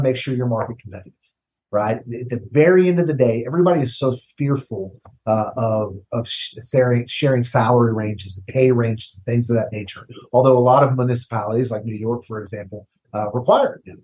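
A man's voice: mid-range voice, a little mellow. Man telling stories in dull lo-fi audio. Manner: conversational, repeats words, tags "right?". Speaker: recruiting consultant guest. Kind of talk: casual interview storytelling.

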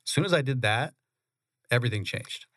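A man, a real estate investor, telling his story in a relaxed, conversational way in a radio studio. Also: medium pitch, a little fast, dry recording. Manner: relaxed, conversational, laughs often. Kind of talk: interview storytelling.

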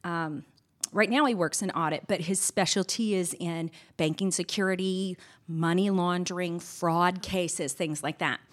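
A middle-aged woman with a slightly low voice recounts a personal story as an interview guest. She speaks earnestly and candidly. She turns lively when she acts out what was said. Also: unhurried. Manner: earnest, candid, animated when retelling scenes.

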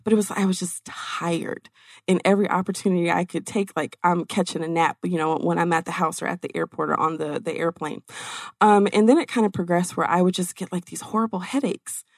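A middle-aged woman telling her own story in casual conversation, animated and acting out quoted exchanges with lots of "like". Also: fairly low pitch, fast talker, gravelly, no room sound, studio quality.

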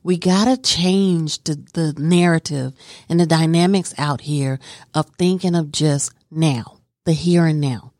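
A woman with a low voice tells her story to an interviewer. She speaks with earnest conviction and stresses her points. The sound is dry and close. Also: unhurried, darkish tone, no room sound. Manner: earnest and emphatic, talks with conviction. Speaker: guest.

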